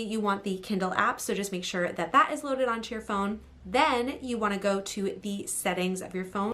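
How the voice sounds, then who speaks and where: A woman novelist talking through phone app steps in a casual, upbeat how-to vlog, chatty and full of "like" and "um". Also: medium pitch.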